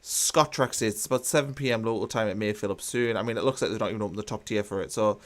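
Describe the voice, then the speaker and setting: A man's voice: fairly low pitch, quick pace. A man hosting a football watchalong, chatting casually with many fillers and restarts while he reads out live comments.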